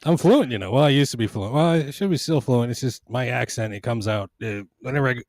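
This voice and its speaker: A man's voice: medium pitch, lively intonation, fast talker, a little mellow, no echo, studio quality. A man from Panama, a podcast guest chatting casually, often restarting and repeating words. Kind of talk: casual chat.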